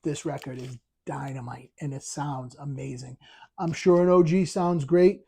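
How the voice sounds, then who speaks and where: A man's voice: on the high side, steady tone, moderate pace, vocal fry, dark tone, husky. A man hosting a casual vinyl review vlog, enthusiastic and rambling, full of ums and restarts. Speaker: vinyl collector channel host.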